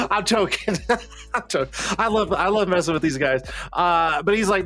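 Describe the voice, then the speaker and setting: A man's voice: on the high side, animated, brisk, a bit bright, soft background music. A man hosting a casual live online show, joking and teasing his guests and laughing often. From Colorado. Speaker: livestream show host.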